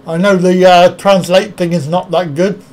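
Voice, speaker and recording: Man, live stream host, high voice, rambling casual chat, frequent chuckles, reads out comments. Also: fairly even intonation, normal speed, a little mellow. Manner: rambling, reads viewer comments aloud and answers them; chuckles often.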